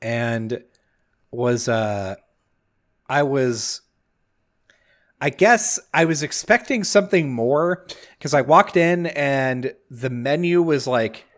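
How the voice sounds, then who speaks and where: A man's voice: mid-range voice, expressive, slow, long pauses. A young man co-hosting a podcast, telling stories in casual chat and working himself into mock-outraged rants. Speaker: podcast co-host.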